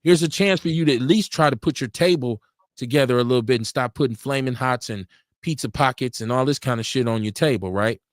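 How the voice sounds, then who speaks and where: Fairly quick and mid-pitched, a man hosts a laid-back live radio talk show, spinning stories full of laughter and acted-out quotes. The recording is dry and studio quality, made on a live-stream studio mic.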